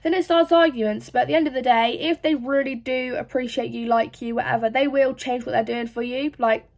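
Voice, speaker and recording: High-voiced young woman. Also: steady tone, brisk, creaky, a little mellow. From England. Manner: rambling, frank, swears a lot. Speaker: social media creator. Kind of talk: casual confessional chat.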